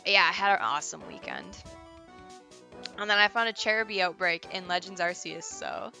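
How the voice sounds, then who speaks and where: A woman's voice: fairly low pitch, sing-song, normal speed, creaky, pushed and bright, soft background music. A woman streaming a game, chatting casually and giggling as she answers chat.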